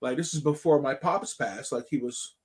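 A man in his thirties, a podcast host telling a rambling, animated story in casual chat, swearing often. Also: mid-range voice, normal speed.

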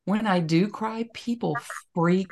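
A woman's voice: medium pitch, slow pace, a little mellow. A middle-aged woman co-hosting a podcast, telling personal stories in a frank, plainspoken way. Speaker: podcast co-host. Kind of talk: casual podcast chat.

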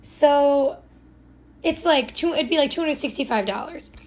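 A woman's voice: high-pitched, a little slow. A young woman from Ohio hosting a podcast, telling a rambling, self-deprecating story full of "like" and self-corrections. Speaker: podcast host. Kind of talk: casual storytelling monologue.

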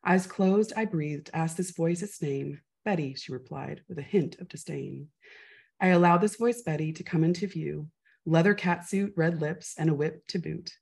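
A woman performing her own spoken-word poem in a rhythmic, measured, softly expressive way. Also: low voice, gravelly. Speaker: poet. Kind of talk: spoken-word poetry reading.

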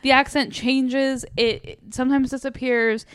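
A woman's voice: sits high, little pitch movement, measured pace, clear, resonant tone, no room sound. A woman co-hosting a podcast, bantering wryly and giving blunt opinions. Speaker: podcast co-host. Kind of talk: casual movie recap chat.

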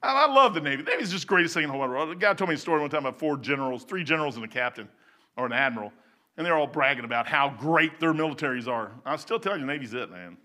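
An older man giving an informal sermon in a folksy, excitable way, breaking into loud outbursts. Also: fairly high pitch, rapid-fire. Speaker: preacher.

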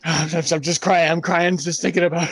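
A man's voice: on the high side, flat delivery, fairly quick, husky, no room sound. A man in a comedy game playing a grieving man on the verge of tears, stammering through a eulogy. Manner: choked up, stammering, overwrought. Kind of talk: improvised comedy impression.

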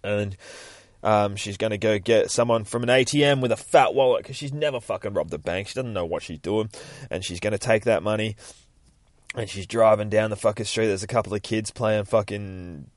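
A man's voice: on the low side, a little fast, dry recording, studio quality. A man, casually recapping a comic book on his podcast, swearing constantly and rambling. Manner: profane, rambling, acts out characters in shifting voices. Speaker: podcast host.

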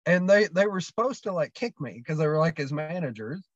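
A man's voice: on the high side, lively intonation, a little fast, no room sound. A man guesting on a podcast, telling stories in a rambling way with lots of fillers and restarts. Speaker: guest wrestler. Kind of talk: casual storytelling chat. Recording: dull, dry lo-fi sound.

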